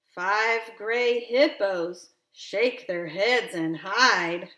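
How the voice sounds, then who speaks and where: Slow, expressive woman reading a picture book. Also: mid-range voice. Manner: slow, expressive, with gentle questions to a child. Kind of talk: reading a counting book aloud to a child. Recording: roomy echo.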